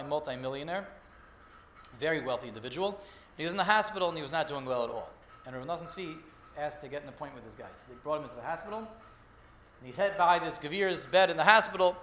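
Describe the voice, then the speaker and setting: A man's voice: a little high, a bit bright, echoey room, a little hiss or hum. A man giving a Torah class, telling stories in a loose, conversational way with many restarts and repeated words. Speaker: Torah teacher.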